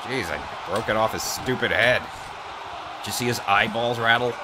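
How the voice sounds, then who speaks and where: A man giving comedic gameplay commentary, trash-talking with profanity and excited outbursts. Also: on the low side, normal speed, background noise. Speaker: gaming YouTuber.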